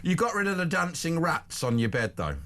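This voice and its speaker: A man's voice: fairly high pitch, very animated, brisk, crowd noise. A male talk host from England running a phone-in and teasing callers with banter. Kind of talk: phone-in hosting.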